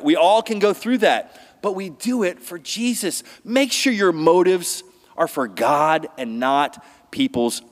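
A middle-aged man delivers a sermon from the pulpit, talking plainly with restarts and then pressing his points with rising emphasis. His voice sits high for a man and rings out with a long reverb through a church sanctuary. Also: fairly bright tone. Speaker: pastor.

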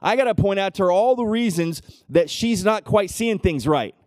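A middle-aged man preaching a sermon, conversational, often checking in with the congregation with "right?" and dropping to a hush for personal stories. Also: animated, moderate pace, dry recording, clean studio sound. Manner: drops to a hushed low voice when telling personal moments. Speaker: pastor.

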